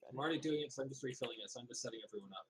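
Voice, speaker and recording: A man's voice: mid-range voice, very fast, low-quality recording. A man playing a tabletop game over a voice call, joking and thinking aloud about tactics.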